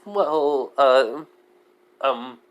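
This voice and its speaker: A man's voice: medium pitch, expressive, drawn-out words, dull audio. A man voicing a shy, nervous young male adventurer who stammers and hesitates as he speaks. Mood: flustered.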